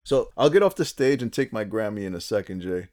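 A man's voice: on the low side, big pitch swings, fairly quick, darkish tone. A man co-hosting a casual podcast, chatty and jokey, often restarting his sentences. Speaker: podcast co-host.

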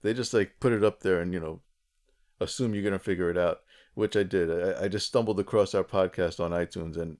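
A man's voice: deep voice, steady tone, a little fast, a little mellow. A man co-hosting a casual podcast, chatty and jokey, often restarting his sentences. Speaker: podcast co-host.

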